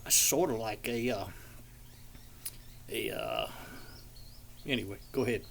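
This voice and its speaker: A man's voice: fairly low pitch, wildly swooping pitch, unhurried, gravelly, heavy background noise. An older man with a Southern American accent chatting casually outdoors in a backyard, rambling in a folksy way and imitating bird calls. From southeastern Georgia, USA. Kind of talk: casual outdoor chat with bird call demonstrations.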